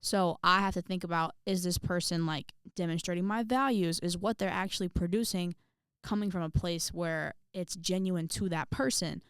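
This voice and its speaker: A woman's voice: fairly low pitch, clean tone, no room sound, clean studio sound. A young woman from Indiana telling a story in a casual, chatty vlog, full of fillers and acted-out quotes. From Indiana, USA. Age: young adult. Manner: chatty, animated, many fillers, acts out quotes. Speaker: vlogger.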